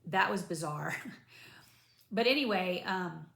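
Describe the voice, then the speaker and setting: A woman's voice: lowish voice, takes it slowly, gravelly, roomy sound. A woman, chatting casually to camera about her recovery after surgery, rambling with lots of asides. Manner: chatty, rambling, animated retelling with many asides. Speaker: vlogger.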